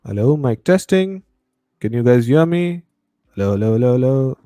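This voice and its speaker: A man's voice: medium pitch, expressive, normal speed, mellow, dry recording, clean studio sound. A man with a bad cold, hosting a casual live stream, chatting and reading viewer comments aloud. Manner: chatty, reads viewer comments aloud, mixes Hindi into English.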